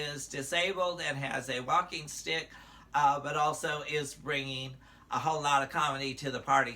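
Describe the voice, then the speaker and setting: An older man with a strikingly bright, sharp voice reviews contestants in casual commentary. He rambles amiably, with plenty of "uh"s and playful asides, at a middling pitch. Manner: chatty, with frequent "uh" fillers and playful asides. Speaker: drag performer reviewing a show.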